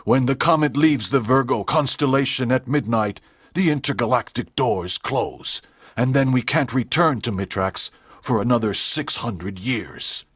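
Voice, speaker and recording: A woman voicing a commanding male alien leader who speaks with a strange, deep, husky voice, in a storybook reading for English learners. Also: animated, measured pace, dry recording, clean studio sound, heavily acted.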